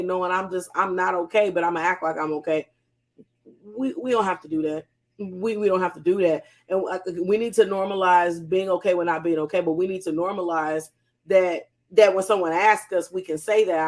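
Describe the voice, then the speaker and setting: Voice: mid-range voice, fairly even intonation, fairly quick. A counselor hosting a weekly mental health segment, speaking in a casual motivational way, emphatic and fond of repeating key phrases.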